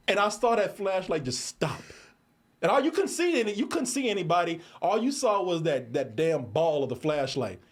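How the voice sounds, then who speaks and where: A man telling a story in casual chat, animated, laughing often and restarting his sentences. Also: high-pitched, moderate pace, husky. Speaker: show regular telling a story.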